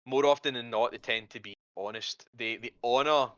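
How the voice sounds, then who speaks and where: A man's voice: medium pitch, moderate pace, a bit bright, dry recording, lo-fi sound. A man narrating as game master of a tabletop game, rambling with hesitations and casual swearing.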